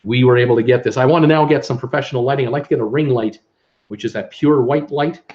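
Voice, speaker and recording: A mellow-ish, mid-range male voice rattles along fast as a Canadian host from Ontario reads out viewer messages on a relaxed live stream. He's upbeat and filler-heavy, and the home webcam gives a lo-fi sound.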